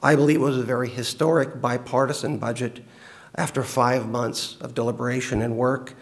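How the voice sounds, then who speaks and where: A man's voice: mid-range voice, flat delivery, a little fast. A man giving a thankful public speech at a podium while losing his voice, with many fillers. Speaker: state senator giving a speech.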